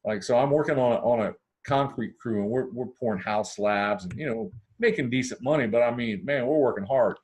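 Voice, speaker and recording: A man's voice: fairly quick, few pauses, husky, dull audio. A man from Ohio, a podcast guest telling a long personal story in a casual way, acting out the dialogue with big swings in his voice. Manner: animated, acts out dialogue with big pitch swings.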